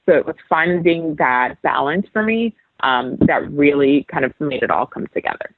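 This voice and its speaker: A young woman from New York City talks through a guest interview in a chatty way, full of fillers and restarts. Her voice is husky with some gravelly fry. It comes through a thin, phone-like line. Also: sits low, lively intonation, moderate pace, no echo. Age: young adult. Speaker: guest, sports reporter. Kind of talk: casual interview chat.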